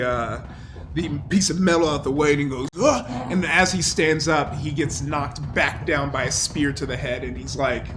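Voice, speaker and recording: A man's voice: a little high, background noise. A man running a tabletop game as game master, narrating loosely with lots of fillers and laughs.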